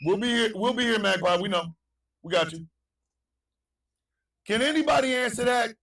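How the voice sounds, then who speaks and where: A high-voiced man with a wildly lively pitch hosts a morning talk show, chanting hype calls and ranting. He swings between shouting and low asides, and he sounds set back from the mic. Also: normal speed, far from the mic, low-quality recording. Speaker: radio show host.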